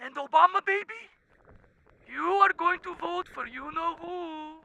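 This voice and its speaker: A man voicing a squeaky male baby who begs in drawn-out wails and barks orders between giggles in a comedy sketch. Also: pushed and bright, slight background noise, exaggerated voice, low-quality recording. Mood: scheming. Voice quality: shrill, giggling, gravelly. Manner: begging in drawn-out wails, then barking orders.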